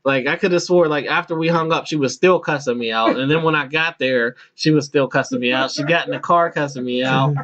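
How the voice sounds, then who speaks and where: A man's voice: on the high side, a little fast, few pauses, a crowd in the background. A man in his thirties hosting a podcast, telling a long personal story casually, laughing often, restarting sentences and acting out voices. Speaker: podcast host. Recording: muffled lo-fi podcast audio.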